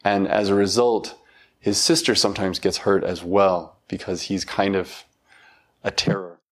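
A middle-aged man giving a reflective talk, thoughtful and halting, with self-deprecating laughs. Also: sits low, level tone. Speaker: dharma talk speaker.

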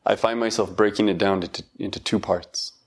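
A middle-aged man giving a reflective talk, thoughtful and halting, with self-deprecating laughs. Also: fairly low pitch, steady tone, husky. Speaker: dharma talk speaker.

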